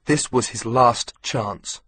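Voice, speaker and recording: A man narrating an audiobook in a steady, measured storytelling manner. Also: mid-range voice, slightly rough. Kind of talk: scripted narration.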